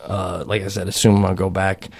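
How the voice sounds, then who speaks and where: A man co-hosting a comedy podcast, telling a rambling, animated story in casual chat. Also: low voice, moderate pace, gravelly, background noise. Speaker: podcast co-host.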